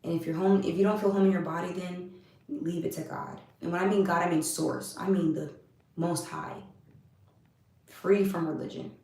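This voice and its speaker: A woman with a lowish voice reads scripture aloud and gives heartfelt spiritual talk on a live stream. She speaks slowly and often repeats a phrase as she builds on it. The sound is roomy and echoey, and she sits some distance from the mic. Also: steady tone, a little mellow.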